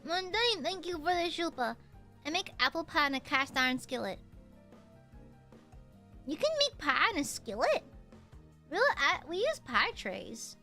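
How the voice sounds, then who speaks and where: A woman's voice: high voice, very animated, unhurried, long pauses, bright, forceful tone, soft background music. A young woman with a subtle Southern US accent, chatting casually and playfully as a streamer while reading donations. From United States. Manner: chatty, playful, pouty teasing.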